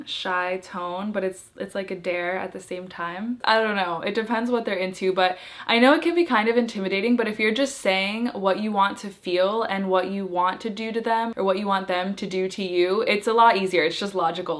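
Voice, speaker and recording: A woman's voice: mid-range voice, fairly bright tone. A young woman giving frank, chatty advice in a casual vlog, laughing lightly now and then. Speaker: video creator giving intimacy tips.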